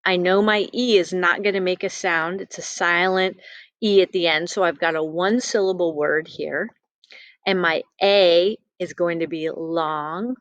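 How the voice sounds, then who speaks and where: Slow, patient woman teaching phonics. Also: on the low side, fairly bright tone, no echo. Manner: patient, sounds out letters slowly. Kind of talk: phonics lesson.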